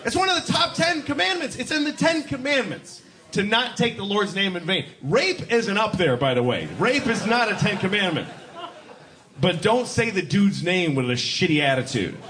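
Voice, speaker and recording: A middle-aged male comic tells stand-up stories in a high-pitched, sharply swinging voice. His delivery is exasperated and profane. Steady noise from the live recording sits underneath. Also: moderate pace. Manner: animated, profane, exasperated storytelling. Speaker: stand-up comedian.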